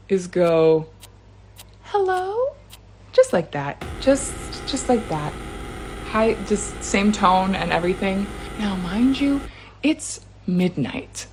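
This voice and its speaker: A woman's voice: fairly low pitch, a little mellow, a little hiss or hum. A woman casually telling a true scary story about herself, chatty, with fillers and the odd nervous laugh. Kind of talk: casual first-person storytelling.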